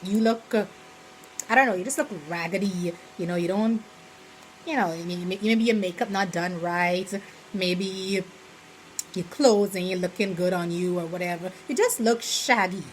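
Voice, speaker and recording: In a rough recording with a little hiss or hum, a young Bahamian-accented woman vlogs casually at a moderate pace in a fairly low voice. She rambles, peppers her talk with "you know", and drops into lively quoted examples.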